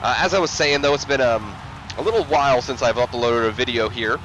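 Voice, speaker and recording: A man's voice: mid-range voice, brisk, a bit bright, faint music behind. A man giving casual video game commentary as a let's play host, rambling and self-mocking with many fillers.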